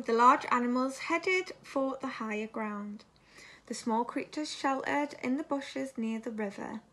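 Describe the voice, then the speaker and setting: A teacher reading a children's story aloud expressively, now and then turning to ask the children questions. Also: female voice, high-pitched, fairly bright tone, slight background noise.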